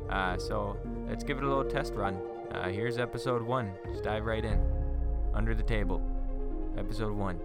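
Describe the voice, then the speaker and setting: A middle-aged man from Minnesota, hosting a podcast and telling a story in a rambling, folksy way full of fillers. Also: on the low side.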